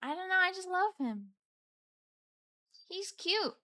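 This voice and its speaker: A woman's voice: very high voice, lively intonation, takes it slowly, sharp tone, no room sound, studio quality. A woman chatting casually on a live stream, reading and answering her chat in a playful, meowing way. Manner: playful, chatty, meows between chat replies.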